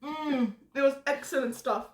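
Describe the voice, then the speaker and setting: A woman hosting a casual live stream from a kitchen, an animated, giggly storyteller. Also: high-pitched, moderate pace. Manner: giggly, animated storyteller who acts out others' lines. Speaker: streamer host. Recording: echoey room, away from the mic.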